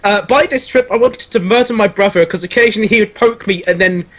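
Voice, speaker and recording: A man's voice: high voice, fast talker, a bit bright. A man from England hosting a podcast on a video call, telling a travel story in casual chat, swearing freely and laughing often. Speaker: podcast host.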